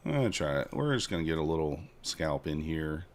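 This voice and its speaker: Very deep and very animated, a man talks briskly while streaming futures trades live. He chats casually with his viewers, cracking jokes, bantering with chat, and hyping up each trade.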